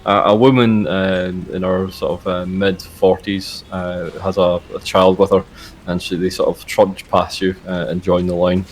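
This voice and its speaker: A man as game master narrating a tabletop game, relaxed with many fillers. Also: low voice, measured pace, a little hiss or hum.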